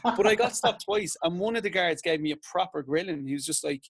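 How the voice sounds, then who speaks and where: A man's voice: on the high side, quick pace, breathy edge, dry recording. An Irish man, a teacher and TV presenter, chatting on a podcast and acting out conversations as he tells stories. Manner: chatty storyteller, acts out exchanges. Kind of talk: casual chat.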